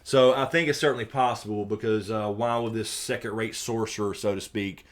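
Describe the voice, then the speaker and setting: A man with a Southern American accent hosting a casual live stream. He reads viewer questions aloud and answers them, swearing freely and swinging from low mutters to loud, animated bursts. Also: a little fast.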